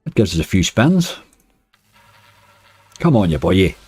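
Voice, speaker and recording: A man's voice: low-pitched, very animated, unhurried, a little mellow, slightly rough, no room sound. A man with a Northern Irish accent giving chatty live-stream commentary on casino games, talking to his chat and groaning at near misses. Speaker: slots streamer.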